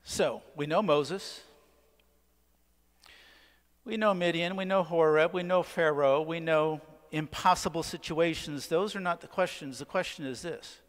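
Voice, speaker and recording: A man preaching a sermon as pastor, asking the congregation questions and leaning on dramatic pauses. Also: fairly high pitch. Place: church. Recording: long church reverb. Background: church sanctuary.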